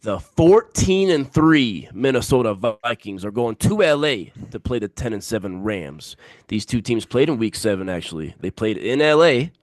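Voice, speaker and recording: A man's voice: mid-range voice, big pitch swings, normal speed, dry recording, studio quality. A man co-hosting a sports podcast in casual banter, emphatic and repeating his picks for effect.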